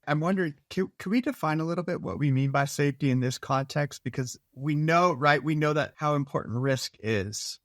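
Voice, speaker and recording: A man's voice: a little high, fairly quick, hardly any pauses, fairly bright tone, no room sound, clean studio sound. A man co-hosting a podcast, asking probing, inquisitive questions. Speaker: podcast co-host. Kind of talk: conversational interview.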